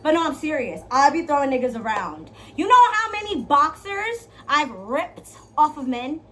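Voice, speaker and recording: A young woman vlogger giving dating advice in a brash, profane, playful monologue, swinging from loud to hushed. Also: high-pitched, big pitch swings, normal speed. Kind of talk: casual storytelling monologue.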